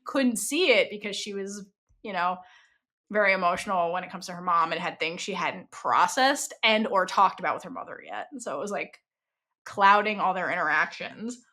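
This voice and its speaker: A young woman co-hosting a podcast in casual chat, animated and full of fillers, acting out quoted lines as she talks. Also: on the low side, moderate pace. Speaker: podcast co-host.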